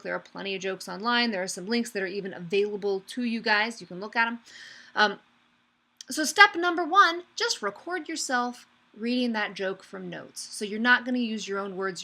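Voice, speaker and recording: A young woman leads an online class in a chatty, upbeat tone, calling students by name. Her voice sits fairly high with a bright, forceful edge. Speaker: online course instructor. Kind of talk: live online class lecture.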